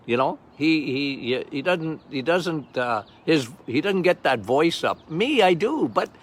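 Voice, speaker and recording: An older man hosting a health podcast as a doctor, talking loudly and passionately in a casual monologue. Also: a little high, sing-song, unhurried. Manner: loud, passionate, emphatic.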